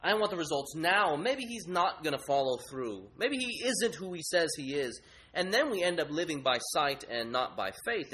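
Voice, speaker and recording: A man's voice: medium pitch, fairly bright tone. A male pastor preaching a sermon, asking the listeners rhetorical questions.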